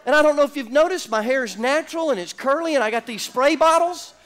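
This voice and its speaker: A man from Florida preaching a sermon, telling a story with animated bursts and calls to the congregation in a church. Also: very high-pitched, fast talker. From Orlando, Florida. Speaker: pastor. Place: church sanctuary.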